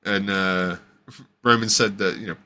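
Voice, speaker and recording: Man, deep voice, bright forceful tone, casual podcast recap, rambling. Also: fairly even intonation, unhurried. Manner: rambling, with many fillers and restarts. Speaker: podcast host. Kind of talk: casual wrestling show recap.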